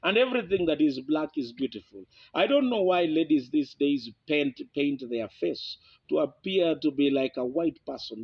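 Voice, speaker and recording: A man from Kenya, giving an informal philosophy lecture in an unhurried way, with many fillers and restarts. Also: fairly high pitch, slightly rough, no echo. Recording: dull, dry lo-fi recording.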